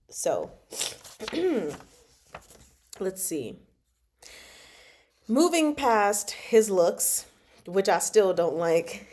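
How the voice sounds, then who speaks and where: Playful and quick to laugh, a young adult woman leads a relaxed book club chat, reading from a novel and reacting to it. She speaks with a lowish voice and a dark tone.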